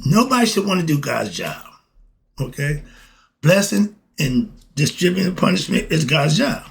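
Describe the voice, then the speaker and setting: Gravelly preachy man with lively pitch. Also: moderate pace, faint music behind. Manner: preachy, rhetorical questions, chuckling asides. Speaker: podcast host. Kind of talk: casual monologue.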